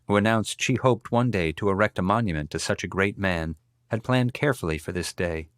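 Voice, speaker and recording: A man narrating a biography audiobook in a measured, steady storytelling manner, recorded close in a studio. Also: low voice, no room sound. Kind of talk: scripted narration.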